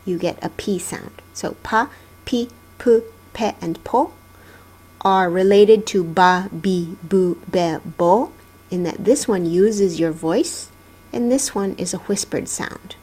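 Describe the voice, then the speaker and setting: Woman teacher, middle-aged, very slow and patient delivery, mid-pitched, for a classroom lesson. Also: a little mellow, breathy edge. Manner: patient, drawn-out syllable drills. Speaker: Japanese teacher.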